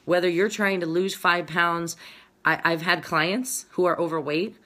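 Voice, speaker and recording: A woman's voice: lowish voice, fairly even intonation, measured pace, pushed and bright. A woman fitness coach in her thirties, chatting casually to followers and reading their comments aloud as she rambles through a story. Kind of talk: casual chat to followers, live-streamed.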